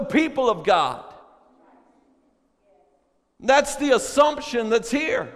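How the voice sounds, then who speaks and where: A man preaching a sermon to a congregation, moving from chatty asides to shouted, drawn-out, emphatic phrases. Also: very high-pitched, sing-song. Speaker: pastor. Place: church sanctuary. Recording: long reverb of a large hall.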